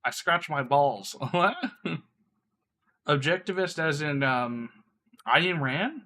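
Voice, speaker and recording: Sick male streamer with a bright voice. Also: on the high side, expressive, takes it slowly, a little hiss or hum. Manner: crude, rambling, laughing often. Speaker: live streamer. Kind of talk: casual live stream chat.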